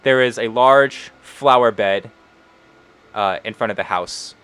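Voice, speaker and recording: A man's voice: mid-range voice, unhurried, a bit bright, smooth. A man narrating as game master in a tabletop game, speaking casually with many fillers.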